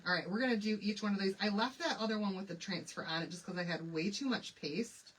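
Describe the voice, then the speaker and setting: A woman's voice: medium pitch, fast talker, a bit bright, recorded from a distance, slight background noise, rough recording. A middle-aged woman from Michigan hosting a casual live craft demonstration, chatting and greeting viewers by name. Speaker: craft livestream host.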